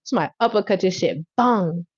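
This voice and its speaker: A woman giving a casual tarot reading on a livestream, talking bluntly with lots of swearing, bursting into loud laughter and acting out scenes. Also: mid-range voice, fast talker, dry recording, lo-fi sound. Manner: blunt, profane, laughs loudly and acts out scenes. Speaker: tarot reader.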